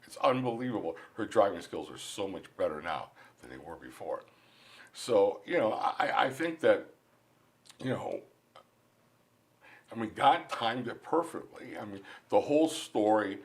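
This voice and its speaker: A man in a studio interview, earnestly telling a personal faith story with animated delivery and frequent repeated words as he restarts. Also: lowish voice, measured pace. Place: recording studio.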